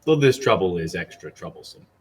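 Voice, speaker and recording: A man voicing a cryptic, proud female traveler who answers in riddles and speaks slowly and aloofly. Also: deep voice, sing-song. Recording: distant mic with faint noise.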